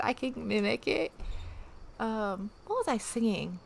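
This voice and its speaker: A woman from the Southern United States, though without a regional accent, hosts a casual livestream and chats with viewers. Her mid-range voice is expressive and creaky at a moderate pace, and she trails off with fillers and restarts.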